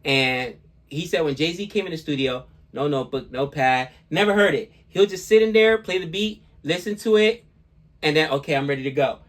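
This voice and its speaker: A man co-hosting a music reaction show, talking casually in an animated, rambling way. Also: on the high side. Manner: animated, talkative, quick asides. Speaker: reaction channel co-host. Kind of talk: casual chat.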